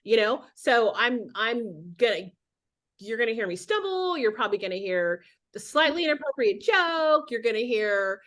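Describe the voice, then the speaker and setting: Middle-aged lady on a video call, chatty and rambling, fairly high voice. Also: fairly bright tone. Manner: chatty and rambling, with many restarts. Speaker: guest speaker on a sales team call. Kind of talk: casual motivational talk.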